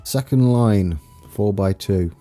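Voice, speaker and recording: Over soft background music, a young Englishman with an East Anglian accent streams a game and talks casually in a slow, mellow, lowish voice. He's self-mocking, laughs a lot, and welcomes viewers by name.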